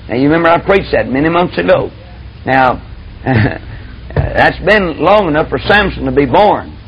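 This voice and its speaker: A man's voice: fairly high pitch, expressive, a little slow. A man preaching a sermon in a folksy, emphatic, drawling storytelling manner. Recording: dull lo-fi tape with faint hiss.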